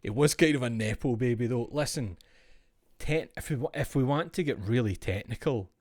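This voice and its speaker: A man's voice: medium pitch, moderate pace, a little mellow, no room sound, studio quality. A man streaming, chatting casually in a rambling, profane, jokey way.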